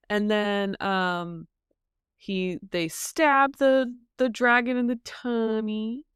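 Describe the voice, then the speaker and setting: A woman co-hosting a podcast, chatting casually and hesitantly with lots of ums, retelling a story and popping into high voices for the characters. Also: steady tone, takes it slowly, a bit bright, smooth, no room sound, studio quality. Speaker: podcast co-host. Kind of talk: casual book-discussion chat.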